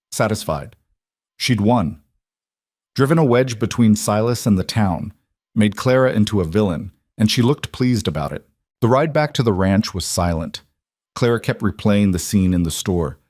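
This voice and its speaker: Low, dry-voiced male storyteller. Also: a little mellow, dry recording. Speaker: narrator. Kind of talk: scripted western story narration.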